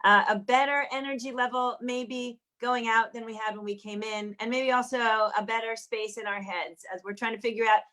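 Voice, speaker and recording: A woman's voice: a little high, steady tone, normal speed, hardly any pauses. A woman hosting an online show, closing it with chatty compliments for each person on the call. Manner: warm repetitive compliments, chatty. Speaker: host. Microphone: video call.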